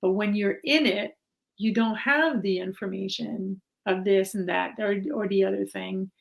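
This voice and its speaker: A middle-aged woman speaks reflectively as a podcast guest. She sits at a middle pitch, turns animated when she gets worked up, and often restarts her sentences as she thinks aloud. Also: a little slow, creaky, rough recording. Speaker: guest, mindset coach. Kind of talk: casual conversation.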